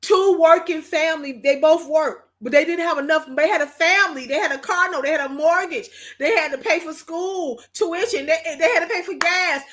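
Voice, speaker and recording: High-voiced emphatic woman host. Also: moderate pace, hardly any pauses, a bit bright. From Michigan, USA. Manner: emphatic, repeats herself, talks to chat viewers; emotional, preachy. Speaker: livestream host. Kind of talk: casual livestream talk.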